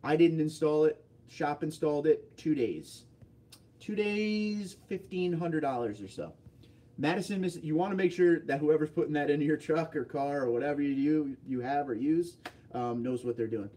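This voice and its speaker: A man hosts a relaxed livestream, reading out viewer comments and tossing back quick, offhand answers. His voice sits a touch high for a man, with a warm, mellow tone. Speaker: livestream host. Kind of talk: casual livestream chat.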